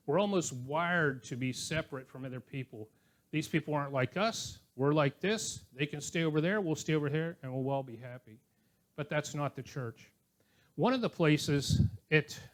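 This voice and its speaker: Older guy pastor giving a chatty sermon, kinda high-ish voice, tells stories and chuckles. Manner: conversational, anecdotal, with chuckling asides. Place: church.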